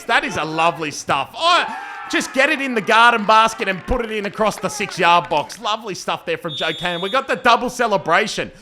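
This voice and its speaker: Man, young, football commentator, playful asides, excited shouts, sharp tone. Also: fairly high pitch. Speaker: football commentator and team player. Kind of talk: jokey amateur match commentary voice-over.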